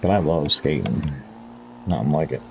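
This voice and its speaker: A man's voice: very deep voice, lively intonation, moderate pace, vocal fry, a little hiss or hum. A talkative man in his fifties chatting casually over gameplay as a streamer, rambling from story to story and laughing often. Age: 50s. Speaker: gaming streamer.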